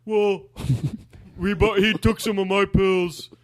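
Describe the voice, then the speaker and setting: A man voicing a meek, soft-spoken young woman, halting and hesitant. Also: sits high, voice pushed up. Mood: sheepish.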